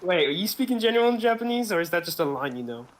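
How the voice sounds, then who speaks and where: British man, slightly high voice, crude jokes, casual gaming chat, faint hiss. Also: sing-song, quick pace. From Britain. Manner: crude, joking, swears freely.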